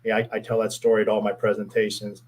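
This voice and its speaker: A man's voice: fairly low pitch, flat delivery, fast talker, low-quality recording. A middle-aged man from the Pittsburgh area, a former police officer, telling a heartfelt story in a casual interview, earnest and often repeating his words.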